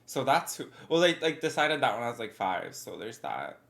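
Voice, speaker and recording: A woman's voice: extremely low pitch, sing-song, normal speed, vocal fry. A young woman in her twenties, a bit congested, rambling casually as she answers her livestream chat.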